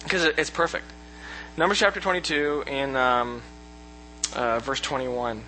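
A man teaching a casual Bible lesson, retelling the story in a joking, animated way and acting out the characters' lines. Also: a little high, slight background noise, low-quality recording.

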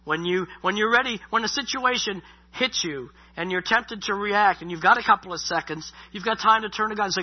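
A man's voice: sits high, fairly quick. A middle-aged man preaching a sermon in a loose, conversational way, often repeating himself and saying "you know". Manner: conversational, repeats words, many you-knows. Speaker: pastor. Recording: dull lo-fi sound.

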